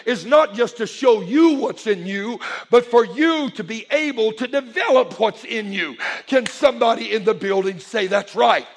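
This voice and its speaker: A male pastor preaching a sermon to a congregation in church, animated and building to shouted calls for response. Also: high-pitched.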